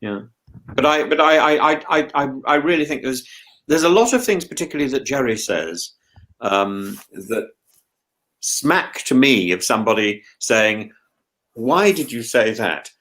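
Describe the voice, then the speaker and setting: A man's voice: mid-range voice, normal speed, fairly bright tone. An older man chatting on a podcast, stumbling over his words with many repeated restarts. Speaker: podcast host. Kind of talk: casual chat.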